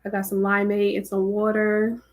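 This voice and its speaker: A woman's voice: mid-range voice, monotone, moderate pace. A woman hosting a live stream, greeting her viewers by name in a casual, chatty way. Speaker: livestream host.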